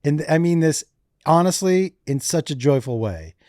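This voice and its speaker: A man who is a comedian guest on a podcast, chatting casually, eager and quick to laugh. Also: fairly high pitch, expressive, darkish tone, no echo, clean studio sound.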